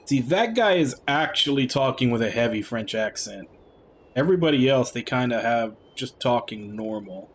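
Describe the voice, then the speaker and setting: A man's voice: medium pitch, lively intonation, moderate pace, a little hiss or hum. A man streaming a game, musing aloud in casual commentary as he plans his next moves.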